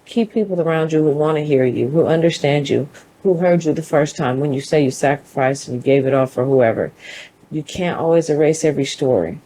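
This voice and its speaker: A woman's voice: low voice, fairly quick, dark tone, rough recording. A woman hosting her own show, giving an emphatic, conversational motivational monologue with a preachy, faith-driven edge. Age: adult mother. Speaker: show host.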